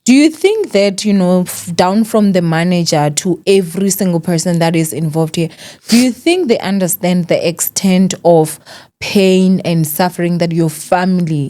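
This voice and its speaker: A woman in her thirties hosts a heartfelt sit-down interview with a mellow, low-pitched voice. She speaks gently and keeps up soft murmurs of encouragement. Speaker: interview host.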